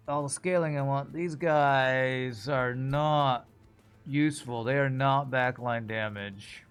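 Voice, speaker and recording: A man's voice: medium pitch, a bit bright, smooth. A man streaming a card game, chatting casually and thinking aloud about his moves. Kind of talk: casual gameplay commentary.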